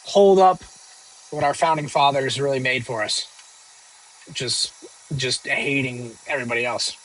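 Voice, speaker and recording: A man's voice: medium pitch, fairly even intonation, normal speed, a bit bright, a little hiss or hum, poor audio. A young man streaming live, casually answering viewer questions in a rambling, joking way full of fillers and restarts. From northern United States.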